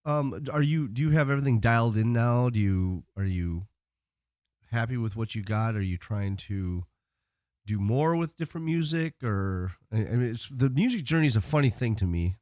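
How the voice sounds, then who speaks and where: A man's voice: mid-range voice, expressive, moderate pace, a little mellow, no room sound, studio quality. A man hosting a podcast, asking questions and repeating words as he searches for them. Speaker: host. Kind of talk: casual chat.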